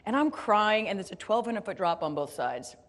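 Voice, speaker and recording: Lively woman telling a keynote story. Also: medium pitch, normal speed. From United States. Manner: animated, playful, self-deprecating, addresses the audience directly. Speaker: motivational keynote speaker.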